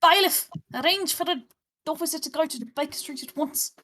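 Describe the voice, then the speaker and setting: A woman's voice: high-pitched, a little fast, background noise, lightly acted. A woman voicing a stern, formal elderly male judge, reading game lines over game music. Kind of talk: voicing game dialogue on a stream.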